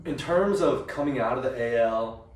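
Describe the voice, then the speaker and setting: A man's voice: mid-range voice, lively intonation, moderate pace. A young man co-hosting a casual sports podcast, talking eagerly with stammering restarts. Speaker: podcast co-host. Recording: distant mic in an echoey room.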